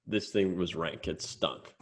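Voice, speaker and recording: A man's voice: deep voice, measured pace, breathy edge. A young Australian man co-hosting a casual podcast, telling stories with lots of swearing and laughter. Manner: storytelling, swears freely, laughs while telling. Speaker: podcast co-host. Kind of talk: casual chat.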